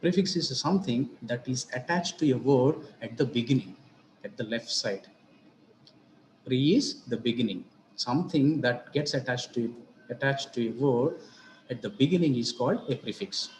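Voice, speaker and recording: A man giving a grammar lesson as a teacher, explaining each point deliberately, repeating himself and spelling out examples. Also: mid-range voice, a little hiss or hum. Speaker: English teacher. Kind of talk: slow explanatory grammar lecture. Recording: roomy echo with faint ambience.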